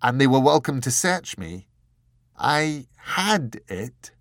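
A man's voice: mid-range voice, very animated, takes it slowly, fairly bright tone, dry recording, studio quality, pitched above the performer's own voice, exaggerated voice. A man voicing an exasperated young man in an audiobook, talking emphatically and pressing with questions. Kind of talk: audiobook character voice.

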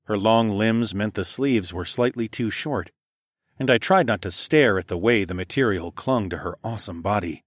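A man with a fairly low voice reading a first-person audiobook, steady and measured in his storytelling. The sound is close and dry, with no room around it. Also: no room sound. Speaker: audiobook narrator. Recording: dry close studio recording.

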